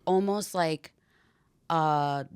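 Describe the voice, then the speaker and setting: A woman, a podcast guest, telling a story in a casual, animated way with lots of "like" and swearing. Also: sits low, very slow, clear, resonant tone, dry recording. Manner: animated, heavy use of "like" and swearing. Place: podcast studio.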